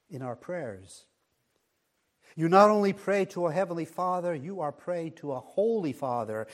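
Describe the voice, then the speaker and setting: Male preacher, unhurried sermon delivery, slightly high voice, hushed emphasis on key words. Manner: measured, dropping to a hush on key words.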